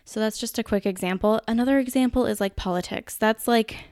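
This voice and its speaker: Gravelly-voiced Minnesotan woman podcaster. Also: on the high side, brisk, a little mellow, no echo, clean studio sound. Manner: chatty, casual, with mild swearing. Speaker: podcast host. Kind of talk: casual podcast explainer.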